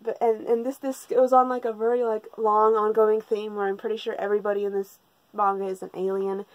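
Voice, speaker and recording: A woman's voice: mid-range voice, flat delivery, a little fast, no room sound, lo-fi sound. A woman recapping a manga in a casual, rambling way, sarcastic and full of swearing. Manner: sarcastic and profane, rambling with restarts. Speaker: manga reviewer.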